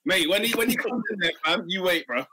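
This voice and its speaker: A man's voice: high-pitched, expressive, fast, pushed and bright, rough recording. A man, co-hosting a casual football podcast with slangy talk and mock announcer flourishes. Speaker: podcast co-host.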